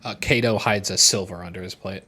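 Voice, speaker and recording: A man playing in a tabletop game, halting and curious, asking questions. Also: deep voice. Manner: halting, lively, asks questions. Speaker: player. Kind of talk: casual tabletop role-play.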